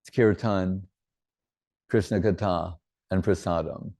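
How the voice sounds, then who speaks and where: A man's voice: low voice, fairly even intonation, takes it slowly, darkish tone, no echo, clean studio sound. A man giving an informal religious talk, drifting from teaching into rambling personal anecdotes.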